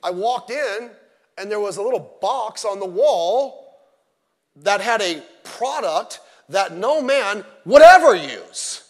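A middle-aged man preaching a sermon as pastor, animated and digressive, with joking asides. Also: high voice, slow pace. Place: church sanctuary. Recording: long church-hall reverb.

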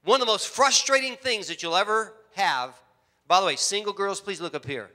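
Middle-aged male preacher, bright and animated, echoing church hall. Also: brisk. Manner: animated storytelling, acts out voices with big pitch jumps. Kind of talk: sermon. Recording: long hall reverb.

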